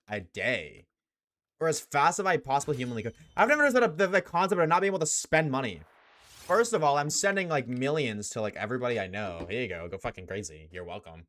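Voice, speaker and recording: A man's voice: a little high, fairly bright tone. A young man live-streaming, chatting casually with his chat, slangy and swearing often.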